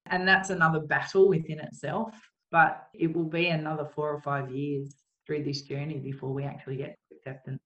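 A woman telling a painful personal story as an interview guest, in an earnest, halting way. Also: deep voice, level tone, fairly bright tone, reverberant, dull audio. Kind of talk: emotional personal account.

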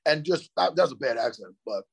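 A man co-hosting a chat show from a hotel room, telling stories in an animated way and swearing freely. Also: fairly high pitch, brisk, creaky, breathy edge. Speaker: podcast co-host. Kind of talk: casual chat.

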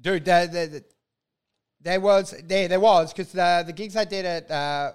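High-voiced Australian man, profane and animated. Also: unhurried, clear, resonant tone. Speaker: stand-up comedian. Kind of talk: casual podcast chat.

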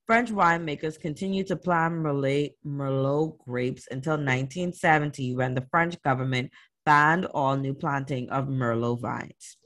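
A podcast host reading wine history from a script at an even pace, slipping into slangy casual asides between the facts. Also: medium pitch, a little slow. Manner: reads steadily, then drops into slangy asides.

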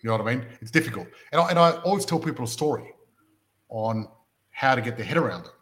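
A man's voice: mid-range voice, expressive, quick pace, fairly bright tone. An Australian man hosting a property-investment podcast, chatting casually and making his points through stories and rhetorical questions.

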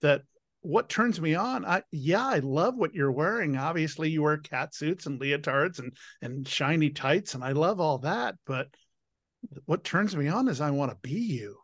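A man hosting a casual interview, talking in a slow, drawn-out, effusive way. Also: fairly high pitch, expressive, fairly bright tone, no echo, studio quality. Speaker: host.

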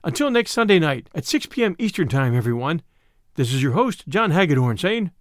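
A man hosting and narrating an audiobook show, with an expressive storytelling delivery. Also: a little high, fairly quick, dry recording, clean studio sound. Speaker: podcast host and narrator.

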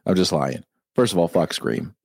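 A man's voice: deep voice, animated, moderate pace, no echo, clean studio sound. A man co-hosting a casual live-stream chat, ranting and swearing freely. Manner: profane, ranting. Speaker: co-host.

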